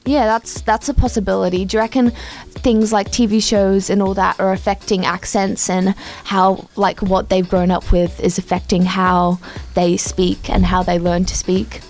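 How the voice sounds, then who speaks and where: A woman's voice: medium pitch, flat delivery, moderate pace, darkish tone, soft background music, poor audio. Australian girl hosting student radio. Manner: chatty, asks the questions. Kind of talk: casual radio chat.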